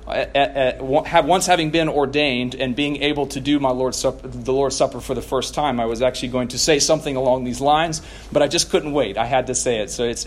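A young man preaching a sermon in an earnest, reflective way, often restarting his sentences. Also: medium pitch. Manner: earnest, reflective, with frequent restarts and repeated words. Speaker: pastor.

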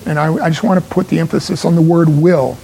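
A man preaching a sermon as pastor, earnest and emphatic, with pauses for stress. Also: a little high, fairly even intonation, creaky, dark tone, a little hiss or hum, low-quality recording.

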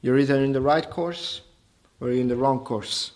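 A man preaching a sermon, emphatic and repetitive, asking the congregation rhetorical questions and building to forceful peaks. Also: mid-range voice, moderate pace. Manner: emphatic, rising to forceful peaks, repeats phrases.

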